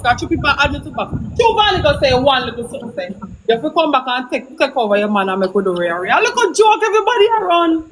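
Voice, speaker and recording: A woman's voice: sits high, sing-song, fast talker, noisy background. A Jamaican woman ranting on a live stream, agitated and repetitive as she defends herself. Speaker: livestreamer. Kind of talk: heated live-stream rant.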